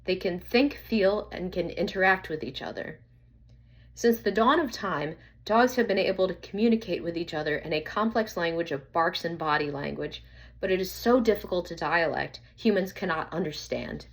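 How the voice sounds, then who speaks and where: A woman reading a children's story aloud in an earnest, slightly halting way. Her voice sits somewhat low for a woman, and the telling stays plain and steady. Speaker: narrator.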